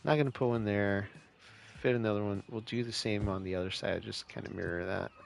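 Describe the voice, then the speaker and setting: A man's voice: lowish voice, brisk, vocal fry, soft background music. A man from California chatting casually with viewers while he plays a city-building game on a live stream. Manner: laid-back, chatty, answers chat questions.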